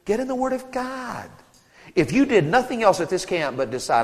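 A man in his thirties preaching a sermon to teenagers at a camp, animated and storytelling, acting out voices and joking with the crowd. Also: high voice, a little fast, long reverb tail.

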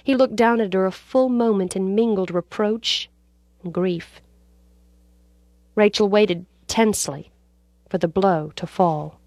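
A woman narrating a story aloud in a measured, dramatic reading style. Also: mid-range voice, a little mellow, no room sound.

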